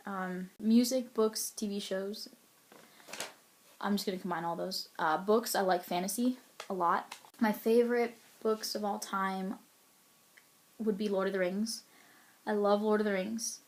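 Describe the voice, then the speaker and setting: A young woman in a casual vlog talks openly about her likes and dislikes. Her voice sits at an ordinary middle pitch, and she rambles a little with fillers and soft laughs. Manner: chatty and candid, lots of ums and little laughs. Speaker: role-player answering a profile questionnaire. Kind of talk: casual to-camera chat.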